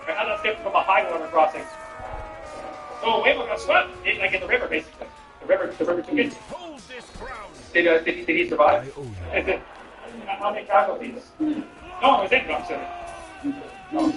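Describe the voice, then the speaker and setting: This comedian's voice sits high and sounds expressive, a little fast, broken by long pauses, while he plays a game on stream. His chat with viewers is profane, rambling and incredulous, recorded off-mic from a distance in an echoey room over music.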